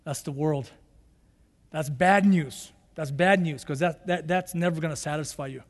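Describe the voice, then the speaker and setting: A male pastor preaches with a high, light voice that swings from quiet, earnest reflection to fervent emphasis. His words ring out with a long reverb trailing behind them, as in a large church hall. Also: fairly even intonation, fairly quick. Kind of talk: sermon.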